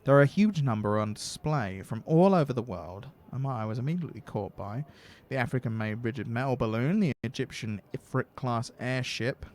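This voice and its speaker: A man's voice: mid-range voice, brisk, few pauses, darkish tone. Man hosting a stream, reads game text aloud with casual asides. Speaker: streamer host.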